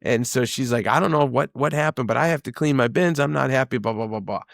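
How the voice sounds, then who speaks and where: Business owner, male, mid-pitched, casual storyteller who quotes people, dry sound. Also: fast, gravelly, no room sound. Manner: rambling storyteller, many fillers, acts out quotes. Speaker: business owner, podcast guest. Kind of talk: casual conversation.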